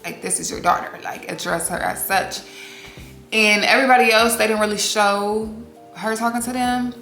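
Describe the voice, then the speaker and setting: A woman giving a casual, candid recap of a reality TV episode, expressive and quick to swear. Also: medium pitch. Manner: candid, expressive, swears freely, acts out quotes. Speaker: TV recap host. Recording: roomy echo with faint music behind.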